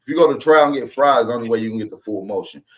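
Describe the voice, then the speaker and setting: A man's voice: mid-range voice, very fast, a loud crowd. A man explaining things in street slang. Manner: explains at length in street slang, keeps checking in with listeners. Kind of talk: casual panel talk.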